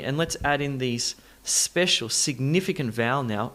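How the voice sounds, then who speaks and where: A man's voice: mid-range voice, fairly bright tone. Upbeat male pronunciation teacher. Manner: models words slowly and repeats them, stressing syllables; upbeat and encouraging. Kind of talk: pronunciation lesson.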